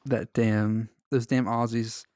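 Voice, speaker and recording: A man's voice: medium pitch, little pitch movement, slow, darkish tone, smooth, no room sound, studio quality. A man co-hosting a podcast, chatting casually with a joking, rambling manner and reading a story aloud. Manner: joking, rambling, laughs often. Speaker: podcast co-host.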